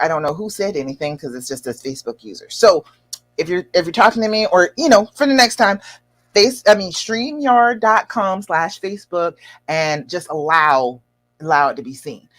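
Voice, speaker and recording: A woman hosting a live stream as a love coach, reading out viewer comments and giving encouraging advice with lively jumps in pitch and frequent laughs. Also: normal speed. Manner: animated and encouraging, with big leaps up in pitch; laughs often while talking.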